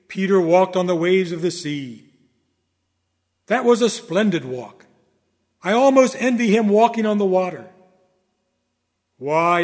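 A high-pitched male preacher delivers a sermon with dramatic oratory. His voice swings from ringing proclamations to hushed low phrases. A long reverb trails each line, as in a large hall.

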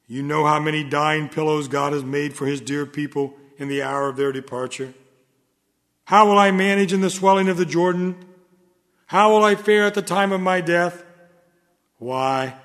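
A man delivering a solemn sermon in a measured, earnest manner. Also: on the high side, a bit bright. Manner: solemn, measured, rises in fervor. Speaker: preacher. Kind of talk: sermon reading. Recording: long hall reverb.

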